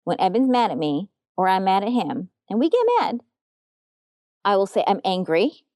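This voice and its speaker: A woman's voice: medium pitch, animated, moderate pace, warm tone, no room sound. A woman relationship coach talking in an earnest, frank and emphatic way during a podcast interview.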